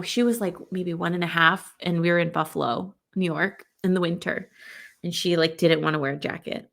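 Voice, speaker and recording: A woman's voice: on the low side, creaky. A woman talking as a podcast guest in a chatty, frank way, often laughing. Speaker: podcast guest, stay-at-home parent. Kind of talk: casual podcast conversation.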